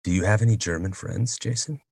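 A man's voice: lowish voice, a little fast, gravelly, darkish tone, husky, no room sound, studio quality. A man co-hosting a podcast in casual chat, friendly and enthusiastic. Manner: friendly, enthusiastic, laughs easily. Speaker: podcast co-host.

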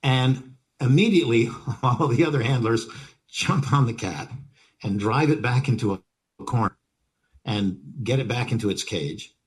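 Speaking a little slowly at a medium pitch, an older actor sits as an interview guest. He tells his stories vividly and with animation, acting out moments and repeating phrases for effect.

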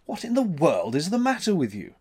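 A man voicing a gruff, skeptical male sea captain in a spoken story, brusque and commanding. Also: fairly high pitch, huge pitch swings, brisk, a little mellow, voice pushed up, full character voice.

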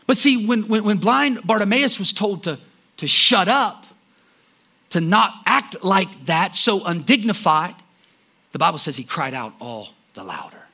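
A husky, bright-voiced man preaches with fervor, his pitch leaping and falling as he drives each point home. He swings from loud cries down to quiet murmurs. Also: big pitch swings, normal speed. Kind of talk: sermon.

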